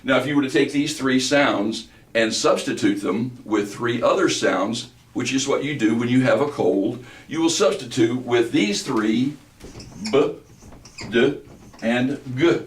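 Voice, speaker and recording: A man with a bass voice speaks at an ordinary middle pitch, lecturing as a voice trainer in a steady, explanatory way. He stops now and then on small fillers. The sound is roomy and echoing, picked up from some distance off the mic. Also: slight background noise. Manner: measured, explanatory, with occasional filler hesitations. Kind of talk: instructional lecture.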